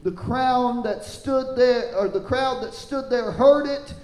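In an echoey room, a man delivers a sermon at a slow pace, reading out scripture and stopping to check whether the listeners follow. His delivery is lively, rising in pitch on the scripture quotes, and he questions the congregation. The audio quality is rough.

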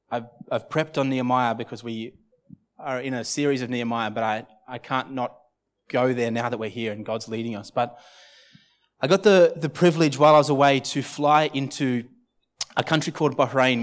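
A man preaching a sermon at a church service, telling a personal story in an earnest, halting way with many restarts. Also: medium pitch. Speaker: pastor.

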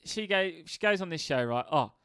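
A man's voice: high voice, animated, a little fast, bright, forceful tone, clear, resonant tone, no room sound, clean studio sound. A young man co-hosting a podcast, talking casually, swearing, laughing and telling stories, with "mate" in every other sentence. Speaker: podcast co-host. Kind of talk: casual chat.

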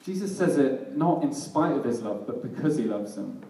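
A man's voice: medium pitch, lively intonation, normal speed, mellow, a little hiss or hum. A man preaching a sermon in a casual, self-deprecating way, often laughing at himself. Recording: echoey hall, mic at a distance.

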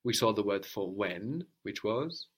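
A man's voice: on the low side, animated, measured pace, breathy edge. A man teaching a spoken language lesson, explaining patiently step by step and prompting a student to answer.

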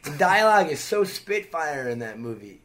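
A man hosting a casual comedy chat, firing off quick jokey questions. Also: a little high, sing-song, a crowd in the background.

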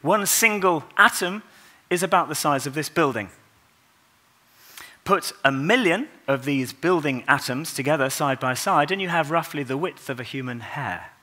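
This Christmas sermon comes from a man with a fairly high voice, preaching in a church earnestly and without haste. At tender moments he grows soft and quiet.

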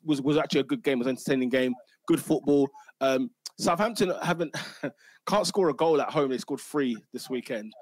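A man hosting a casual football podcast, talking in quick, slangy bursts with many restarts. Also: fairly high pitch, dry recording. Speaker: podcast host.

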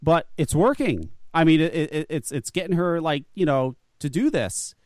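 A man's voice: a little high, lively intonation, moderate pace, a little mellow, no echo, studio quality. A man telling a long, profane story in casual chat, full of restarts and stammered repeats. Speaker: guest.

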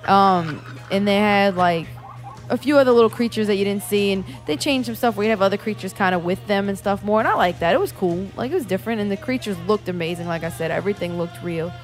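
A woman chatting casually about a movie, animated and swearing a lot as she acts out scenes. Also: mid-range voice, fast talker, soft background music. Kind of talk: casual chat, movie review.

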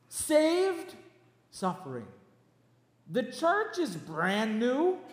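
A man preaching a sermon as pastor of his church, emphatic and animated, with quick asides. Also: high voice. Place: church hall. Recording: echoey church hall.

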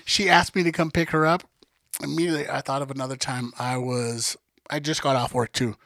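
A man co-hosting a podcast, telling a story in relaxed, profane casual chat. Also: medium pitch, brisk, gravelly, no echo. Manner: laid-back, profane, quiet narration. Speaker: podcast co-host.

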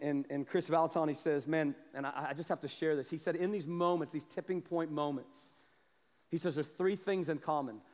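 High-voiced preaching man in an echoing hall. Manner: swings from quiet asides to shouted exhortation. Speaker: pastor. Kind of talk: sermon. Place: church sanctuary. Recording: long hall reverb. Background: congregation responding.

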